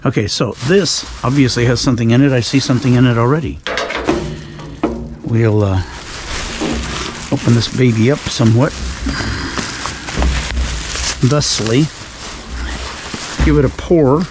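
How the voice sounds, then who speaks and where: A man with an ordinary mid-range voice talks his way through a night outdoors, rambling with dry sarcasm and the occasional sigh. The outdoor recording carries a clear layer of background noise, with cans and trash rustling close by. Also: medium pitch, moderate pace, pauses often. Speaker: dumpster-diving vlogger. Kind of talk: casual night vlog narration.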